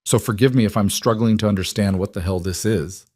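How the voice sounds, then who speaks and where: A man's voice: fairly low pitch, fairly quick, darkish tone, no room sound, close to an everyday voice. A man playing a cold, guarded mafia boss. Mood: angry. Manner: clipped, guarded and tense.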